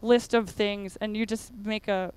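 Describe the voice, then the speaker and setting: A woman's voice: medium pitch, fairly even intonation, a little slow, a little mellow, clean tone. A woman giving a casual conference talk, chatty and full of fillers. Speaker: conference speaker. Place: conference room.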